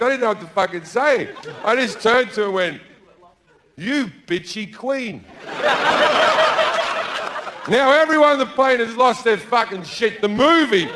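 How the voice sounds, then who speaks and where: A man's voice: high voice, sharp tone. A man with an Australian accent doing stand-up, brash and profane, acting out all the characters in his story. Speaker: stand-up comedian.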